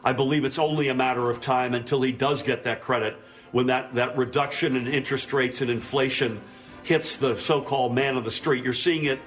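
A man's voice: mid-range voice, fairly even intonation, a little fast, fairly bright tone, faint music behind. A man speaking as a governor in a TV interview clip, earnest and emphatic, with many small restarts. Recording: clip played on the radio.

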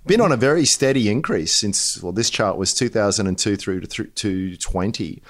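Australian man, halting podcast chat. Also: on the low side, lively intonation. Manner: thinks aloud with frequent restarts and repeated words. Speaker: podcast co-host. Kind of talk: casual chat.

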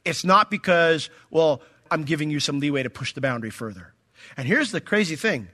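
Pastor mid-sermon, bright voice, lots of pitch movement, emphatic. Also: male voice, fairly quick. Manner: animated, emphatic preaching with acted-out quotes.

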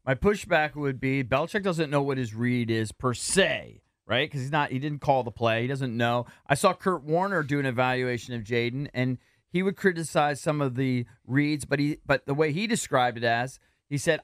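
A male sports radio host, talking in a conversational, animated way and taking calls. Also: mid-range voice, normal speed, no room sound, clean studio sound.

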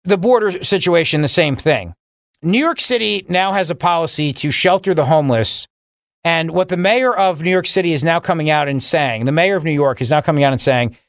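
A middle-aged man runs his political radio show alone, mocking and sarcastic, his voice leaping up for emphasis. He sits slightly higher than most men in pitch. The studio sound is close and dry, with no room around it. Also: no echo. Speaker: talk radio host. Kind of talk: political talk radio monologue.

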